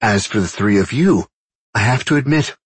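Dude doing a no-nonsense lady commander, crisp orders, voice lifted high, breathy husky tone. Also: lively intonation, normal speed, no echo. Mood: brisk. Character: brisk senior woman officer giving orders.

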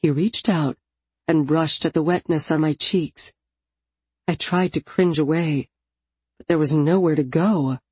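Low husky woman reading a novel out loud, dark mellow tone, dry close mic. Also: steady tone, unhurried, pauses often, no room sound. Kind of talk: scripted audiobook narration.

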